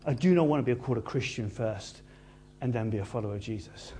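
A man preaching a sermon in an animated, conversational way with playful asides. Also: medium pitch, quick pace, husky.

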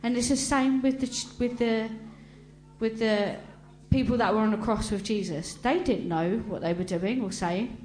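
A woman giving an emotional personal testimony to a congregation, talking earnestly and haltingly with frequent restarts. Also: fairly high pitch, a little mellow. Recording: roomy echo with faint hum.

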